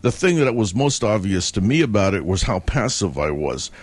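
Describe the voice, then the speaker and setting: Guy with a real low voice going on about a dream, lots of ums and uhs. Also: sing-song, husky, dry recording. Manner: rambling, halting, many fillers and restarts; chuckles between sentences. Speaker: dream teller. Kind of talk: casual spoken recollection.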